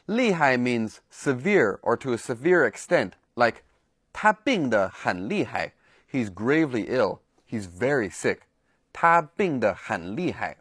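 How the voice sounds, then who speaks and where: A man's voice: mid-range voice, very animated, measured pace, fairly bright tone, husky, dry recording, studio quality. A man teaching a language lesson, explaining words and repeating example phrases in a scripted narration.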